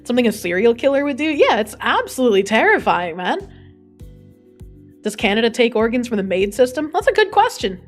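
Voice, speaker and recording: A woman's voice: a little high, very animated, a little fast. A young adult woman streaming, chatting casually, reading an article aloud and swearing freely as she reacts to chat. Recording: faint music behind.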